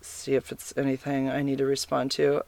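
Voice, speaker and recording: A woman in a casual confessional monologue, candid and profane, rambling with many fillers and swinging between loud exasperated bursts and low asides. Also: completely flat delivery, moderate pace, vocal fry, no room sound.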